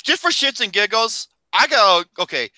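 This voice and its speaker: A man co-hosting a casual podcast, loud and excitable, laughing often and swearing freely. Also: high-pitched, moderate pace, poor audio. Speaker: podcast co-host.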